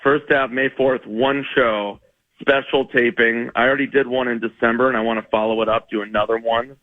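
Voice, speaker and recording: A man telling a funny story as a comedian guest on a radio show, rambling, self-mocking, with quick laughs. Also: mid-range voice, flat delivery, dry recording, narrow, tinny audio.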